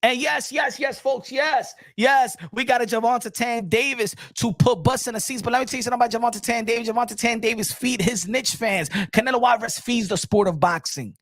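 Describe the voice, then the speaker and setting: High-voiced guy ranting about boxing, loud and pushy, dry close sound. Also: fairly quick, hardly any pauses, no room sound. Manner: switches between English and Spanish, emphatic and loud. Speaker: boxing channel host. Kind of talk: animated rant.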